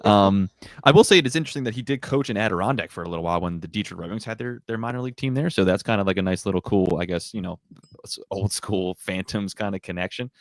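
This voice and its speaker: A man co-hosting a casual sports podcast in a lowish voice, talking quickly. He is agreeable and leans on fillers and restarts. The recording is dry and close, with no room echo. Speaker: podcast co-host. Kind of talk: casual hockey podcast chat.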